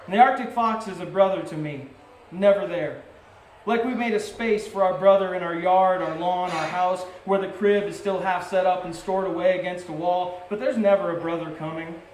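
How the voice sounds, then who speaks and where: A man giving a live poetry reading at a coffee shop and bar, speaking in measured, short phrases that sometimes build in intensity. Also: high voice, darkish tone, slight background noise. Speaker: poet reading his work. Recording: roomy live venue recording.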